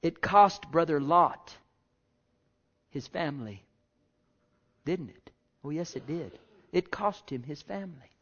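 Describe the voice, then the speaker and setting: A man preaching a sermon to his congregation, slow and emphatic, repeating phrases and swinging between quiet and loud. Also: a little high, animated. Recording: dull lo-fi sound.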